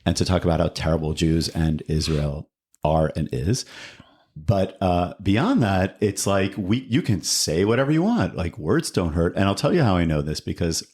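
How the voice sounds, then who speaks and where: A man's voice: deep voice, expressive, moderate pace, a little mellow. A man co-hosting a podcast, talking in casual chat in a rambling, earnest way. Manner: rambling, earnest, many restarts. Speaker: podcast co-host.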